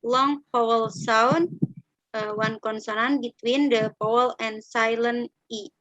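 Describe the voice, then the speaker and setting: A young woman lists phonetics examples in English at a very slow, word-by-word pace, pausing on fillers. Her voice is bright and fairly high, and the recording is dry, with no room sound. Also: fairly even intonation, dry recording, lo-fi sound. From Indonesia. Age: young adult. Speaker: student presenter. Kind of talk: reading a phonetics lesson.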